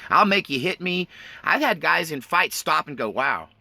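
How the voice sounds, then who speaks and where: A man's voice: on the high side, animated, moderate pace, creaky, bright, forceful tone, no room sound. A man telling his life story in a casual, blunt and folksy way, often laughing nervously. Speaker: autobiographical storyteller. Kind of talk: casual spoken memoir.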